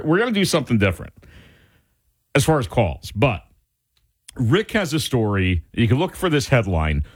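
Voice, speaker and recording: Guy hosting a talk radio show, ranting, pitch jumping around a lot. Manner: animated, indignant ranting. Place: radio studio.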